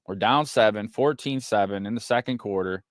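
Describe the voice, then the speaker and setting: A man streaming a watch party, giving casual play-by-play commentary that turns excitable and profane when frustrated. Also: fairly low pitch, normal speed, no room sound. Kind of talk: casual live game commentary.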